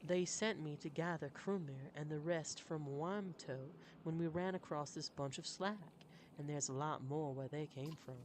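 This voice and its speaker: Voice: medium pitch, normal speed, a little mellow, slight background noise, natural voice. A streamer voicing a weary, exasperated warrior messenger in a put-on Southern US accent over game music. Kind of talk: voicing game dialogue live.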